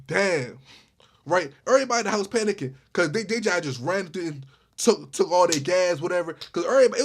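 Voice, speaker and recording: A man with a high, husky voice tells a wild story from his own life. He talks fast and casually, stumbling over repeated starts as he relives each moment. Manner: animated retelling with many repeated starts. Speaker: storyteller vlogger.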